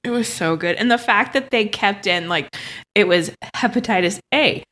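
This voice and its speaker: A young woman co-hosting a casual podcast, expressive, laughing and swearing freely. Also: medium pitch, normal speed. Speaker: podcast co-host.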